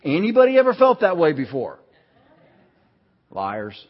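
A man's voice: fairly high pitch, wildly swooping pitch, a little slow. A pastor preaching a sermon, telling personal stories and asking his congregation questions. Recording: dull sound with long hall reverb.

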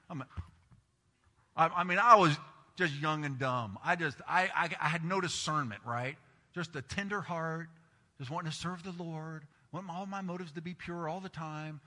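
In a big hall with long reverb, a middle-aged man delivers a sermon as pastor, at a normal speed and in a high, bright, forceful voice. He tells stories with animation and performs the voices he quotes.

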